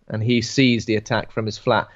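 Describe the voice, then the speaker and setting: A man's voice: fairly low pitch, flat delivery, normal speed, muffled recording. A man with a British English accent, co-hosting a podcast and riffing jokily about a film. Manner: jokey, riffing banter. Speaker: podcast co-host. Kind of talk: casual film discussion.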